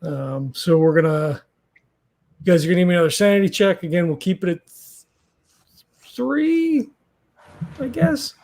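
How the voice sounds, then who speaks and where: High-voiced man running a tabletop game. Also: lively intonation, measured pace, long pauses, a little mellow, slight background noise. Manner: thinking aloud, loose and conversational. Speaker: game master.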